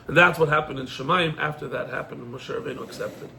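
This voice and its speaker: A man, a rabbi, giving a lively Torah class in sprinkled quotes. He acts out the dialogue and fires off rhetorical questions. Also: medium pitch, fast talker, creaky, slight background noise.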